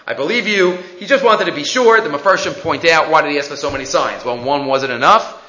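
A man teaching a lesson, telling a Bible story in an animated way and acting out the lines of its people. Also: on the high side, quick pace. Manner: animated storyteller, acts out quotes, with fillers. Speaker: religious teacher. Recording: echoey room, dull lo-fi sound.

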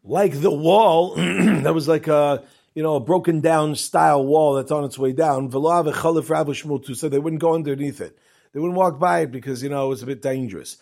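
A man's voice: fairly high pitch, brisk, creaky, darkish tone. A man teaching a Talmud class, reading each passage aloud and then explaining it in casual English, with asides and restarts.

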